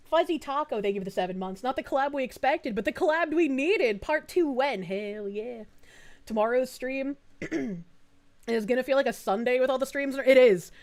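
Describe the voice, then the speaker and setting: A woman's voice: high-pitched, expressive, normal speed. A woman with a Boston accent, chatting casually and profanely on a livestream as she thanks viewers, often laughing. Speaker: livestreamer reading chat. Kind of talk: casual stream chat.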